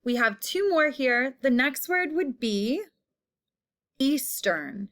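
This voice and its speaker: Slow, careful woman teaching phonics. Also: sits high, animated, fairly bright tone. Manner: slow, repeating each word clearly and stretching vowel sounds. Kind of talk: phonics lesson.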